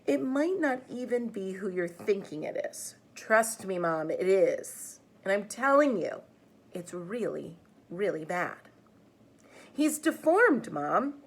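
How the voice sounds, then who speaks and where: A woman's voice: mid-range voice, very animated, takes it slowly, exaggerated voice. A woman voicing a defensive middle-school boy who insists and argues with growing agitation. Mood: insistent.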